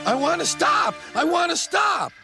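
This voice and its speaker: A man's voice: very high-pitched, very animated, brisk, vocal fry, sharp tone, voice pushed up, heavily acted. A man doing a frightened little engine. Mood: panicked. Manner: panicky, pleading. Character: frightened small young male tank engine. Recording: music underneath.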